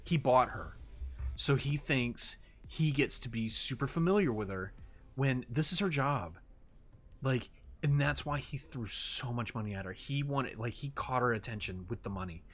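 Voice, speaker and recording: A man's voice: mid-range voice, normal speed, a bit bright. A man giving casual reaction commentary, incredulous and rambling, swearing now and then. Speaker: YouTube commentator.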